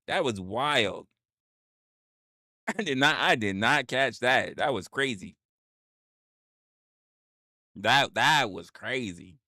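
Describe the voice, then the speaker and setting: A man's voice: medium pitch, bright, forceful tone, dry recording, clean studio sound. A man hosting a livestream, reading chat aloud and reacting with repeated exclamations, swearing and laughter.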